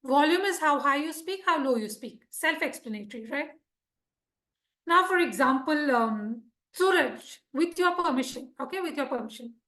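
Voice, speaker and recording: A woman teaches public speaking to a live club, her voice high and bright with a husky edge. She keeps a lively, teacherly rhythm and keeps checking that her listeners follow. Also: moderate pace. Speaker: Toastmasters speaker teaching speech craft. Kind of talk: live instructional talk to a club.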